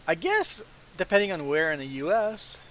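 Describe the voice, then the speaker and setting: Chatty man from Canada, fairly high voice. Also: normal speed, a little hiss or hum, rough recording. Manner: relaxed, rambling storyteller who chuckles often. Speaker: gaming live streamer. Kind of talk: casual chat while playing a game.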